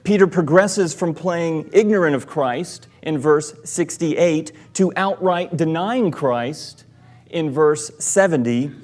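A man, a church elder, preaching a sermon in a measured, deliberate way, giving quoted lines with emphasis. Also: a little high, darkish tone. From American South.

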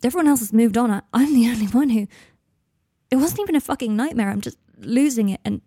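A woman voicing a distraught, halting young man. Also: fairly high pitch, animated, creaky, dark tone, slightly rough, no room sound, studio quality, full character voice. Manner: halting, tearful and agitated. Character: distraught young man, raw and self-critical.

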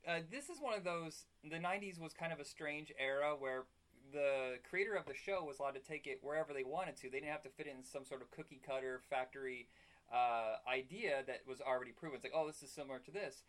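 A man's voice: medium pitch, a bit bright. A man co-hosting a podcast, chatting casually and giving firm opinions. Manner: fast-talking, opinionated. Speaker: podcast co-host. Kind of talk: casual chat.

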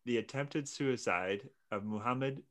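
A man's voice: mid-range voice, unhurried, fairly bright tone. A man co-hosting a casual podcast, telling a story in a laid-back, hesitant way with many fillers. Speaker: podcast co-host. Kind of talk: casual chat.

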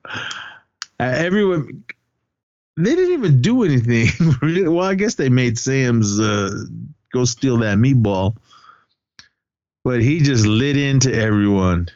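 A man's voice: medium pitch, very animated, slow pace, long pauses, darkish tone, no room sound, lo-fi sound. A man co-hosting a podcast, chatting casually about a movie and his school days, rambling and laughing often. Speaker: podcast co-host.

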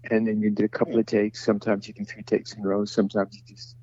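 A man's voice: fairly low pitch, monotone, quick pace, dark tone, no echo. An older man, a voice actor, telling long rambling stories in an interview and acting out the voices he quotes. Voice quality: gravelly, husky. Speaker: voice actor guest. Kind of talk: interview storytelling. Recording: dull lo-fi sound.

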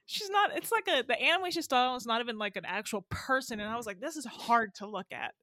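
A woman chatting casually about an animated series, reacting expressively. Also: a little high, fast, no echo, studio quality. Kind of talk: casual chat reviewing an animated anthology.

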